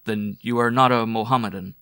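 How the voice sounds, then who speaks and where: A man's voice: lowish voice, steady tone, fairly quick, pushed and bright, clean tone, no echo, studio quality. A male narrator voicing a lost, thirsty young hunter who asks eager questions. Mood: curious. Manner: eager, blurting.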